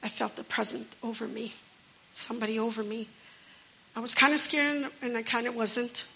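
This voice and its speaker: Woman, earnest halting testimony, gravelly voice, dull lo-fi sound. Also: a little high, little pitch movement, sharp tone, a little hiss or hum. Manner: earnest and halting, with many restarts. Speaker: storyteller sharing a personal testimony. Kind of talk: personal testimony, spoken story. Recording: dull lo-fi recording.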